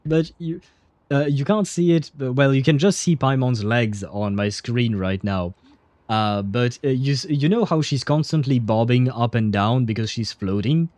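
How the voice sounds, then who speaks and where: A man's voice: medium pitch, darkish tone, dry recording. A man streaming a game, chatting casually in a rambling, hesitant way, with many fillers and chuckles. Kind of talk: casual livestream commentary.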